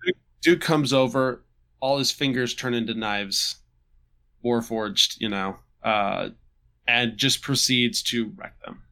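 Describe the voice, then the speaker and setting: A man casually recapping a tabletop game session, halting and restarting with chuckles. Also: mid-range voice, sharp tone. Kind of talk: casual chat.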